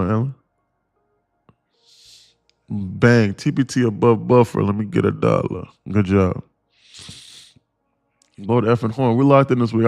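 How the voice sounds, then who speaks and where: A man's voice: mid-range voice, creaky, a little mellow, no room sound. A man streaming live as a day trading mentor, talking in a rambling, profane, casual way with lots of fillers. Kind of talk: casual livestream chat.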